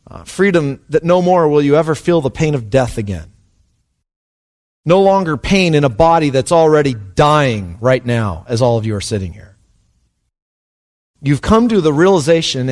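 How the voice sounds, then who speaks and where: A man preaching a sermon with passion, his delivery dropping to hushed and rising to soaring. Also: on the high side. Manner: impassioned, swings between hushed and soaring. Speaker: pastor.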